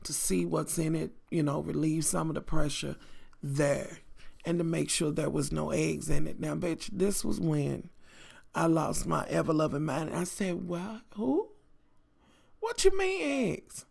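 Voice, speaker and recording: A middle-aged woman tells a story to her viewers in a vlog. Her voice is heavily gravelly with fry, and her delivery is animated and salty. She speaks to her audience directly and often calls them y'all. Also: sits low, moderate pace. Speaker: vlogger.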